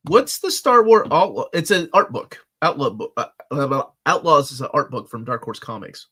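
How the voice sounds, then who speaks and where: A middle-aged man co-hosting a casual live chat, joking and telling stories with animated delivery. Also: a little high, normal speed, slightly rough. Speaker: co-host of a comics channel.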